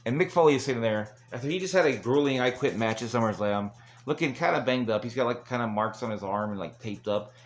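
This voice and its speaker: A man's voice: mid-range voice, lively intonation, quick pace, soft background music. A man recapping an old wrestling broadcast in a casual, rambling monologue, chuckling along the way and dropping crude asides. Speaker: wrestling show reviewer.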